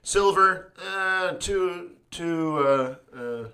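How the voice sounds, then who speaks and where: Blunt, tired forex trading teacher. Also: male voice, high voice, animated, very slow, sharp tone, smooth. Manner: blunt, sardonic, thinking aloud over charts. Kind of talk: live-streamed trading lesson.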